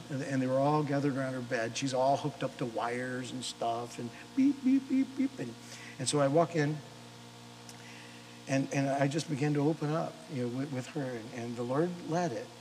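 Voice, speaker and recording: A male pastor preaching a sermon, telling a story with animated delivery, acting out the voices of the people in it and often restarting his words. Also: medium pitch, a little hiss or hum, poor audio. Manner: animated storyteller, acts out quoted voices, frequent repeated starts. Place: church or chapel service.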